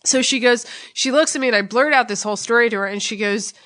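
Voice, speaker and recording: A woman's voice: a little high, fast talker, a bit bright, no room sound, studio quality. A young woman co-hosting a podcast who speaks in a candid, emotional and profane way. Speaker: podcast co-host. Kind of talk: candid conversational storytelling.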